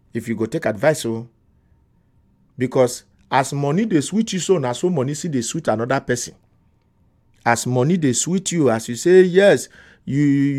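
A man's voice: mid-range voice, darkish tone. A man with a Nigerian accent hosting a radio phone-in, reading listener messages and giving emphatic, scolding advice.

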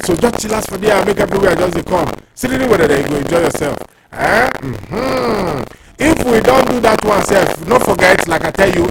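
A man's voice: fairly high pitch, creaky. A man with a Nigerian accent presenting casual radio in a playful, slangy, hyping manner. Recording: loud background noise.

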